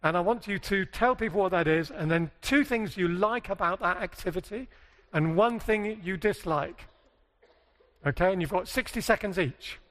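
A man's voice: high voice, moderate pace, fairly bright tone. A British man speaking at a conference seminar, chatty and jokey, asking the audience questions. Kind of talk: conference talk to a live audience. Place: large hall with a live audience. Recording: long hall reverb.

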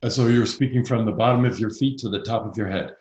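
Low-voiced male voice coach. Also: echoey room, muffled recording. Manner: calm, explains slowly with pauses. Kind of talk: expert advice in a conversation.

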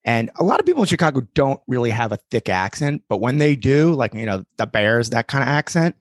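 A man's voice: medium pitch, very animated, fast, dry recording, studio quality. A man in casual podcast chat, telling stories in a blunt, wry way.

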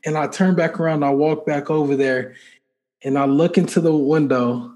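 A man in a casual interview, telling a personal faith story in an animated, conversational way and acting out the dialogue. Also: a little high, moderate pace. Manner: conversational filler-heavy speech. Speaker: podcast guest.

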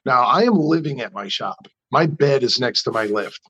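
Animated New storyteller man. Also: medium pitch, normal speed, husky, poor audio. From New York. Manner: animated, chatty storyteller who acts out quotes. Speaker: custom car builder. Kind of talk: storytelling in an interview.

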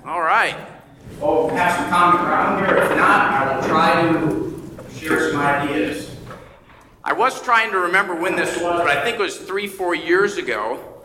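A man's voice: sits high, measured pace, background noise. A male pastor preaching a sermon in a church, telling a story conversationally and acting out the voices he quotes. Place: church sanctuary. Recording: echoey church hall with faint ambience.

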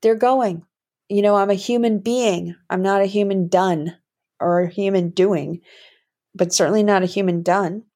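A woman's voice: medium pitch, creaky, darkish tone. A woman hosting a reflective solo talk as a healing coach, musing in a rambling way with many fillers and restarts. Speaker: podcast host and healing coach.

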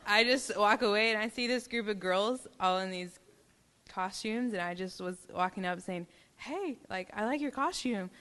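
A woman from Texas shares a testimony story in a chatty, casual way, sprinkling in "like" and "um". Her voice sounds bright and sharp, with a smooth, crisp clarity. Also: mid-range voice. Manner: chatty, filler-heavy. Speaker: ministry team member.

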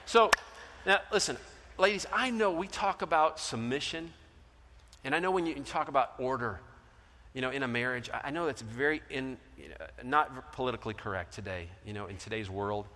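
A middle-aged male pastor preaching a sermon, telling a story and acting out the voices in it, swinging between loud and soft. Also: mid-range voice, brisk. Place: large church hall. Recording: long hall reverb.

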